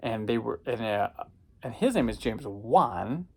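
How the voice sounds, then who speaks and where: A man's voice: lowish voice, expressive, unhurried, creaky, slightly rough. A man who reviews home video discs, casually telling a rambling anecdote and often correcting himself as he goes. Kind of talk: casual storytelling.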